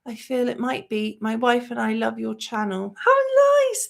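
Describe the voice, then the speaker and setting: Brief: effusive female movie-channel host, casual stream chat, higher-pitched voice. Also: steady tone, moderate pace, gravelly. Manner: effusive, gushing, chatty; reads viewer comments aloud.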